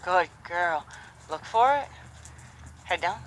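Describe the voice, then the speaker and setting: Horse trainer outside with a horse, bright clear voice, calm coaching, lots of soft praise, faint noise behind. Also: medium pitch, moderate pace, rough recording. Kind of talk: live training commentary. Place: outdoors with a horse.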